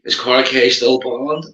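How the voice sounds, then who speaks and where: A man's voice: medium pitch, pushed and bright. A man with a Belfast accent chatting casually on a live stream, rambling, swearing and laughing often. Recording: roomy, dull lo-fi sound.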